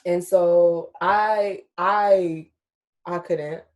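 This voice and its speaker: Telling her listeners a personal story straight on, this young woman podcast host chats casually, openly emotional and cursing without hesitation. Her fairly low voice keeps a steady tone, and she draws out her words.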